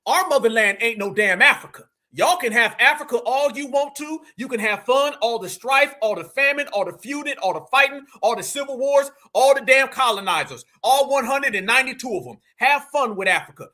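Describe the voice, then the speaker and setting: High, bright-voiced brash Southern US man. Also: lively intonation, brisk, few pauses. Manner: brash, fired-up, preachy street slang. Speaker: livestream host. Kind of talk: live reaction commentary.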